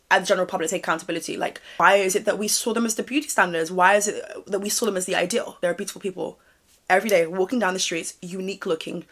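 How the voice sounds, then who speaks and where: A fast-talking woman vlogger with a slightly hoarse voice, spilling opinions in a sassy, direct way and calling the listener babe. She sounds casual and blunt as she talks to camera. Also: mid-range voice, fairly bright tone. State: voice going hoarse. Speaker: commentary vlogger.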